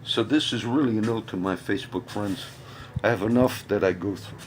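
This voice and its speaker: A man with a low, deep voice talks through politics in a casual self-recorded video. He rambles, circles back, and repeats phrases to drive a point home. A faint hum of background noise sits under him. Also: brisk. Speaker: political commentator. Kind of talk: casual political commentary vlog.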